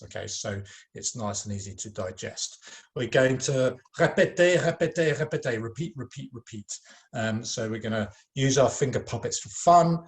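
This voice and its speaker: A middle-aged man teaching a recorded French lesson to children, patient and encouraging, modelling sounds slowly between many fillers. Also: mid-range voice.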